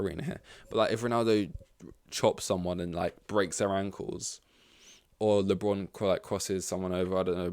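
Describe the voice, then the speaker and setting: Deep and clean-toned, a male podcast host rambles through casual conversation full of fillers and curse words. The recording is dry and studio quality.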